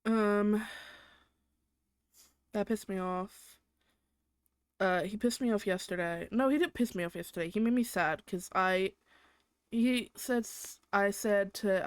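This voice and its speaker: A woman's voice: medium pitch, unhurried, pauses often, clean tone, no echo. Young woman ranting, dry close mic. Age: young adult. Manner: exaggerated, swears constantly, vents about her boyfriend. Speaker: podcast host. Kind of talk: ranting solo podcast.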